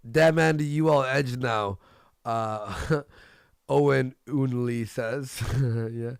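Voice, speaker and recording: A man's voice: mid-range voice, drawn-out words, creaky, a bit bright, no echo, studio quality. A man hosting a livestream in a crude, joking way with frequent laughter. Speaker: livestream host. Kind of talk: casual livestream commentary.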